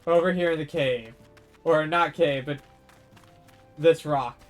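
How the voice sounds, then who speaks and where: A man's voice: a little high, slow pace, faint music behind. A man casually commenting while playing a fantasy game, chatty with self-mocking asides. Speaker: game streamer.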